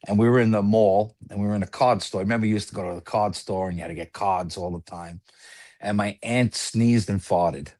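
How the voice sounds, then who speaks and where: A man's voice: lowish voice, fairly even intonation, a little mellow, no echo. A man who is a podcast guest, telling a funny family story in casual chat and laughing as he goes. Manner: laughs through his stories, halting restarts.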